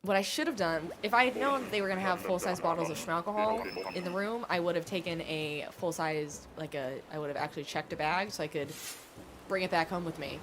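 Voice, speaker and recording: Chatty woman streamer over loud game music. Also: fairly low pitch, a little fast. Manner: chatty, rambling, self-deprecating, many fillers. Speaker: gaming livestreamer. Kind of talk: casual livestream chat while playing.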